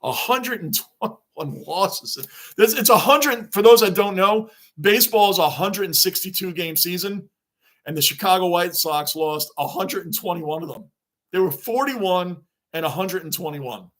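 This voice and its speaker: A man hosting a live sports reaction stream, excitable and rambling as he answers viewers' chat. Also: high-pitched, normal speed. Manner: excitable, talks back to chat comments, rambling.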